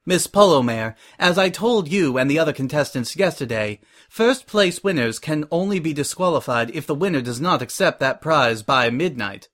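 A man's voice: fairly high pitch, animated, normal speed, hardly any pauses, fairly bright tone. A man voicing a professional female pony who runs a fashion show, formal and indifferent.

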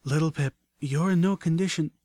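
A man voicing a refined, caring female pony healer who speaks softly and pleadingly. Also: on the high side, animated, normal speed, no echo, voice pushed up, close to an everyday voice.

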